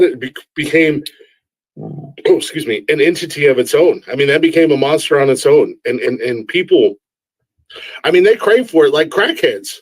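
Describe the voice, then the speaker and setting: A man hosting a casual live-stream interview, excitable and stammering through restarts, swearing freely. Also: mid-range voice, no room sound, low-quality recording. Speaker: host.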